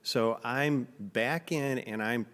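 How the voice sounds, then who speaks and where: A man who is a guest on a casual podcast. He tells a story in a blunt, animated way. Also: mid-range voice, slow pace, big-room sound. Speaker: artist guest. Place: studio.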